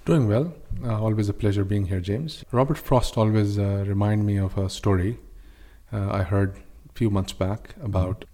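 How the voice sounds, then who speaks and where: A man's voice: on the low side, normal speed, warm tone. A man on a podcast recounting stories and ideas in a chatty way, with frequent "uh" fillers. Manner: storytelling, with "uh" fillers and restarts. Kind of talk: casual discussion.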